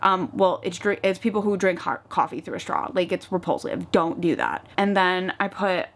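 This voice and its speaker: A woman's voice: lowish voice, moderate pace. A young woman from the US East Coast chatting casually while doing her makeup at home, filling her talk with "like" and acting out little retellings. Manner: chatty, peppered with "like", animated retellings. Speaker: vlogger. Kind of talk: casual get-ready-with-me chat.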